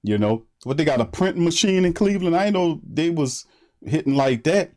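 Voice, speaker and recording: A man's voice: a little high, lively intonation, moderate pace. Slangy New man hosting a livestream. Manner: shouts out viewers by name, slangy and laughing. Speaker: sports podcast host. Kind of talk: casual livestream chat.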